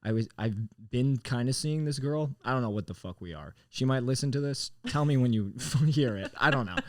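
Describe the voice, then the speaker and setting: A man's voice: medium pitch, a little fast, dry recording, clean studio sound. A young man, a comedian guest, telling stories in casual chat, swearing often and acting out other people's voices. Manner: animated storyteller, swears a lot, acts out voices.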